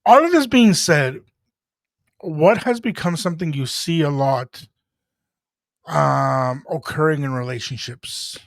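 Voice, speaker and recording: A woman hosting an interview, asking slow, drawn-out questions. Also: low-pitched, expressive, no echo. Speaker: host. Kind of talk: interviewing a guest.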